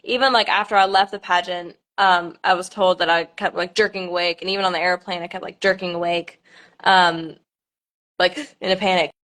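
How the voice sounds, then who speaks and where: A woman's voice: on the low side, steady tone, brisk, fairly bright tone. A young woman, a pageant contestant, chatting on a live stream with nervous laughter and many fillers.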